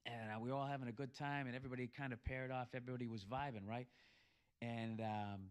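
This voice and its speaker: A man's voice: medium pitch, fairly even intonation, fast talker, smooth. A man telling a crude, comic bar story and giving blunt advice, swearing freely. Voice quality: loud and crude, swearing often. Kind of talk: profane comedic storytelling.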